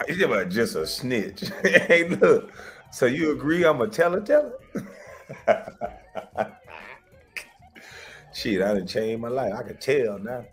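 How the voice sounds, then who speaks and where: A man's voice: mid-range voice, very animated, slow pace, pauses often. Guy cracking up telling party stories, lots of cussing, faint music behind. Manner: loud, laughing, swearing storyteller. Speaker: show host. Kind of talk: casual storytelling chat.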